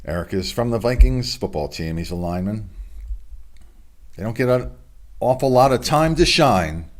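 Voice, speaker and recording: Deep-voiced man reading local sports news. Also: expressive, moderate pace. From United States. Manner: chatty, offhand asides between announcements. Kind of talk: casual local sports report. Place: home studio.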